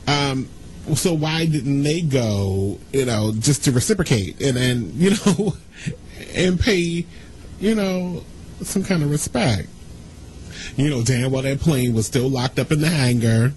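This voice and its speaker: A man hosting a casual radio talk show, ranting and gossiping in an animated, indignant way. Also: mid-range voice, slow, slight background noise, poor audio.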